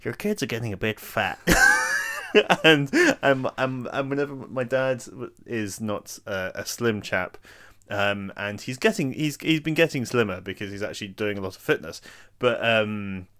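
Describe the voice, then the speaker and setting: A man's voice: lowish voice, measured pace, a bit bright, clean tone. A young man hosting a podcast, asking teasing questions and laughing often, with many restarts. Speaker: podcast host. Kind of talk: casual chat.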